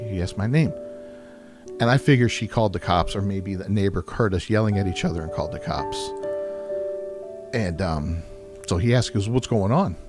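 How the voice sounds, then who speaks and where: A man candidly telling a personal story in a rambling, halting way, with many restarts and "you know"s. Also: low-pitched. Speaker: vlogger sharing a personal story. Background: background music.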